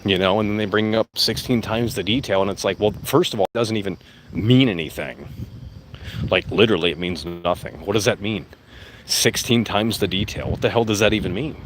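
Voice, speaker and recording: A man's voice: fairly low pitch, brisk, a little hiss or hum. A man vlogging outdoors in a casual, rambling rant, blunt and profane, repeating himself as he goes. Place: outdoors among plants. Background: faint crickets and insects.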